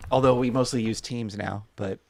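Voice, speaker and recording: A man co-commentating a curling match, breaking down shots with dry, deadpan asides. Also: medium pitch, moderate pace, gravelly. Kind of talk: live sports commentary.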